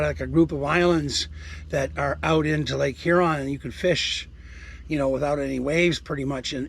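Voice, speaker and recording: A man's voice: medium pitch, a little hiss or hum. A man in his sixties in a casual outdoor vlog, rambling to viewers and talking to the animals around his campsite. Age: 60s. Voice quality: gravelly, husky. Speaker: vlogger.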